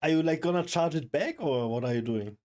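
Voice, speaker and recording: Stunned, excited young male streamer. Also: fairly high pitch, brisk. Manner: excited, stunned, swearing, calls everyone bro. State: overwhelmed, shaking. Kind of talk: live stream reaction chat.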